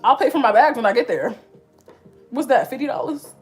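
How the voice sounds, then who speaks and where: A young woman in her twenties chats with her viewers, her higher voice leaping up and down as she tells a story. She is blunt and slangy and laughs often. Faint music plays under her talk. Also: lively intonation, a little fast. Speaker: vlogger. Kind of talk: casual chat.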